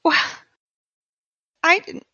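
Woman voicing a fragile grieving man, halting and tearful, slow delivery. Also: pushed and bright, highs cut off, full character voice. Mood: distraught. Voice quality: shaky, halting, stammering.

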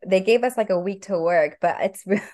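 A woman's voice: mid-range voice, brisk, darkish tone. A woman co-hosting a podcast in casual chat, giggly and rambling. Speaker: podcast co-host.

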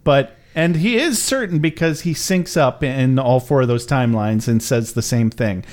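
A man's voice: medium pitch, moderate pace, darkish tone. A man casually recapping a show with a friend, explaining plot points and making dry jokes.

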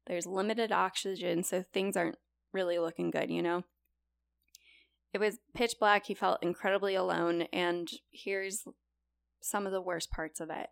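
Young woman, podcast co-host, casual storytelling, gravelly voice, dry close sound. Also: on the low side, a little slow, no echo. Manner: chatty, many likes and you-knows, lively retelling.

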